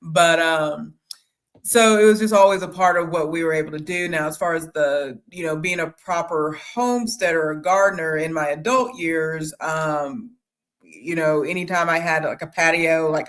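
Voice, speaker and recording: A woman guest on a casual chat who talks in a halting, rambling way with many pauses and restarts. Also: low-pitched. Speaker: guest homesteader. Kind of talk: casual conversation.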